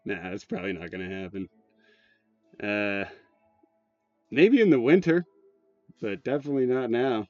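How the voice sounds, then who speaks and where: A man's voice: medium pitch, big pitch swings, moderate pace, pauses often, no room sound. A man hosting his channel, rambling and swearing in casual commentary, restarting often and leaning on fillers. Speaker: channel host. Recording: dull lo-fi sound, dry, faint music.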